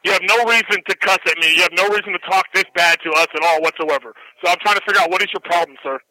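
A man working at a restaurant, answering the phone and pushing back calmly but firmly. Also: high-pitched, very fast, rough recording. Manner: calm but firm, repeats himself to push back. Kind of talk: phone argument. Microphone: telephone line.

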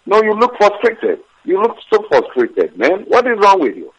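A man in a heated phone argument, shouting repetitive insults in broken English, heard over a telephone line. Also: high voice, huge pitch swings, moderate pace, slight background noise. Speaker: phone call recipient.

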